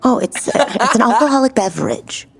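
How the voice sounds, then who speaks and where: A woman's voice: a little high, sing-song, fairly quick, creaky, breathy edge. A woman playing a tabletop game in character, talking in a playful, doting way. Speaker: player.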